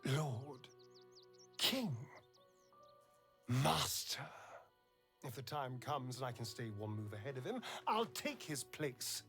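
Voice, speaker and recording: Astarion, silky scheming vampire. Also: male voice, mid-range voice, expressive, takes it slowly, pauses often, fairly bright tone, soft background music. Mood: ambitious. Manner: silky, dramatic, savoring words. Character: scheming vampire spawn elf man, theatrical and vain.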